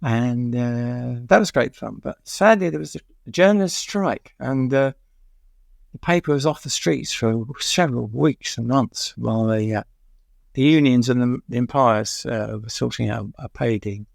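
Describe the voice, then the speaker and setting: A man's voice: medium pitch, a little slow, vocal fry, no room sound, clean studio sound. An older man from England, a music journalist telling anecdotes in an interview, rambling with lots of "uh" fillers and chuckles. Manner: rambling, many "uh" fillers, chuckles at his own stories.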